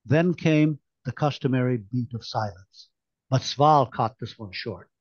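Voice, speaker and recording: A man's voice: medium pitch, measured pace, slightly rough, no echo. Novelist man reading aloud, lo-fi. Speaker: novelist reading his own book. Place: home, online event. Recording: dull lo-fi online-call audio.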